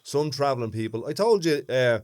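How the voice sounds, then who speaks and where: A man's voice: medium pitch, expressive, fairly quick, a little mellow, no room sound, clean studio sound. A man with a thick Dublin accent, co-hosting a podcast in easygoing chat, thoughtful and given to restarting his words. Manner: chatty, thoughtful, repeats words when starting. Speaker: podcast co-host. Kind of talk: casual chat.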